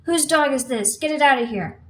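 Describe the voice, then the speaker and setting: A woman's voice: a little fast, lightly acted. A woman putting on a hot-tempered Italian manager. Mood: curt. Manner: spluttering, shrill and hysterical. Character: short stocky Italian male restaurant manager, hot-tempered.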